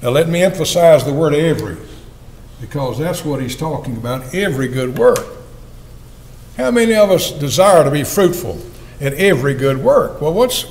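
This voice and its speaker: A man's voice: on the high side, a little hiss or hum, poor audio. An older man, an evangelist, preaching a sermon in an earnest, folksy way and asking his listeners questions.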